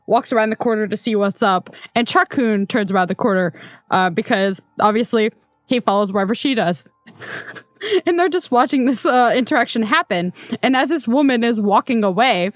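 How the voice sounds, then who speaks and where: Young woman for a casual storytime, chatty with ums and laughs, bright-ish high voice, dry close sound. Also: no room sound. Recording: dry close sound, faint music behind.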